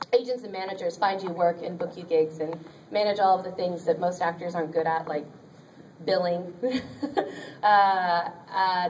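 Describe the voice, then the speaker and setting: A woman's voice: mid-range voice, slight background noise. A woman voice actor speaking on a convention panel, giving chatty, upbeat career advice with many ums and small laughs. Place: convention panel room with an audience. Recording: distant audience recording in a convention room.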